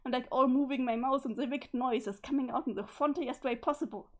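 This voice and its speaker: A woman voicing a mellow, laid-back male clown troll who drawls and swears heavily. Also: sits high, fairly quick, close to an everyday voice.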